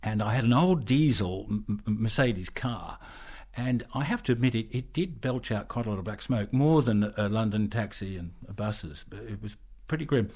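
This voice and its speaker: An older Australian man, an interview guest, telling a long anecdote in a lively way and acting out the voices in it. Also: fairly low pitch, normal speed, husky. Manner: lively storyteller who acts out quoted voices. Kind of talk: anecdotal storytelling.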